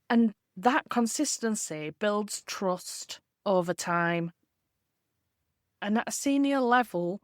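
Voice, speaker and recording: A woman talks straight to listeners in a solo podcast, coaching them earnestly and leaning on key words. Her voice sits at a middle pitch. The sound is dry and close, with no room around it. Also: no echo. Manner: earnest, coaching tone with measured emphasis. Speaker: podcast host and leadership communication coach.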